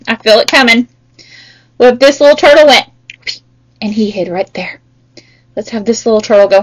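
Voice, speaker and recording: A woman tutoring young children in math, playful and sing-song with bursts of excitement. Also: sits high, poor audio.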